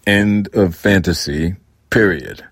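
A man's voice: deep voice, slow pace, no echo, clean studio sound. A man voicing a blunt, irritated father in a storybook reading, speaking in a curt, dismissive way.

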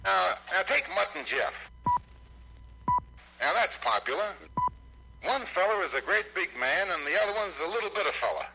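A man's voice: sits high, big pitch swings, moderate pace, vocal fry, long pauses, noisy background, heavily acted. An actor playing an eager radio writer who coaches his partner through the voices. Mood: brainstorming. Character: eager male radio writer, inventing characters. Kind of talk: period film acting.

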